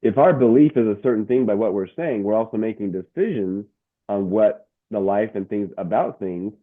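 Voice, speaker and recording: A middle-aged man, a motivational speaker and coach, telling his story as an interview guest, animated and restarting his words often. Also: lowish voice, moderate pace. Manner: animated, stumbling restarts and word repeats. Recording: tinny phone-like line.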